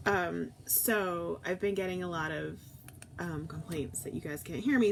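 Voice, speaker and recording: A woman's voice: on the low side, measured pace, gravelly, a little hiss or hum. A woman hosting a casual live-stream chat from a backyard camper, talking into an old tablet and greeting her viewers by name.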